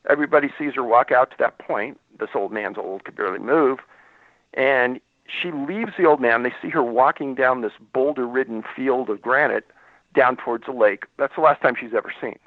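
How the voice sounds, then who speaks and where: A man's voice: mid-range voice, fairly quick, no echo. A man, a former law enforcement investigator, telling a story as a radio interview guest and acting out the dialogue. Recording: dry, tinny phone line.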